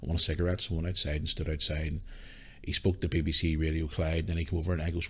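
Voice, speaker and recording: Northern irish guy rambling through a story on his podcast, lowish voice, cussing away. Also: racing, slightly rough. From Northern Ireland. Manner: swears freely, animated anecdotes. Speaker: podcast host. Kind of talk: casual storytelling.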